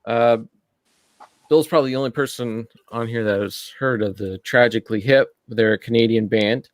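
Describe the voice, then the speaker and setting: A man co-hosting a live online collecting chat, talking in a relaxed, halting way with many pauses and fillers over a video call. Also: medium pitch, dry recording. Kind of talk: casual chat.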